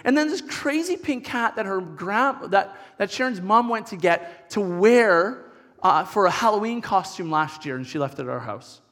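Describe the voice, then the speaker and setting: A middle-aged male pastor with a notably high voice, telling stories from the pulpit in a lively, chatty way and often restarting his sentences. His voice rings out with a long reverb, as if it is filling a church hall. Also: moderate pace. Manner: animated, chatty storytelling with many restarts. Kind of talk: storytelling sermon.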